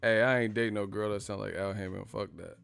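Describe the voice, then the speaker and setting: A man's voice: fairly low pitch, steady tone, fast, creaky, a bit bright, clean tone, faint music behind. A man hosting a casual live stream, rambling and swearing freely and laughing often.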